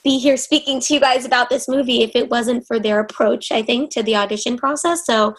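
A woman's voice: fairly high pitch, fairly even intonation, a little fast, low-quality recording. A woman in her twenties from Los Angeles, an actress telling an interviewer an earnest, effusive story and often restarting her sentences. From Los Angeles, USA. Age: 20s.

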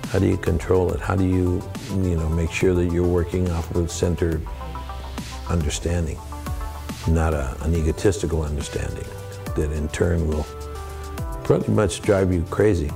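Deep raspy guy giving earnest advice to a room of students, gravelly and low. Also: fairly even intonation, moderate pace, music in the background. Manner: earnest, mixes in laughs and acted-out quotes. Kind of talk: candid talk to an audience. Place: room with a live audience.

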